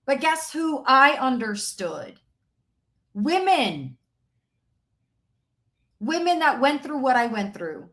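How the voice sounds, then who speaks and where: An energetic woman, a business coach, giving a live-stream coaching talk and repeating key lines for emphasis. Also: sits high, takes it slowly, long pauses.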